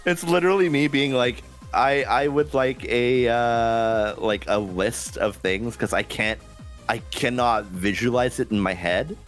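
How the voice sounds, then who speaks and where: A man's voice: medium pitch, measured pace, faint music behind. A man co-hosting a live stream Q&A, chatting casually and rambling with frequent laughs. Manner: laid-back, rambling, laughs often. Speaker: streamer co-host. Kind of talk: casual chat.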